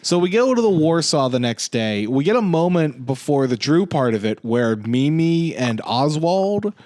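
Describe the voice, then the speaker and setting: A man co-hosting a podcast, chatting casually as he recaps a sitcom and acts out the characters' lines. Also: on the high side. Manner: relaxed, acts out characters' lines in quick quotes. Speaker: podcast co-host.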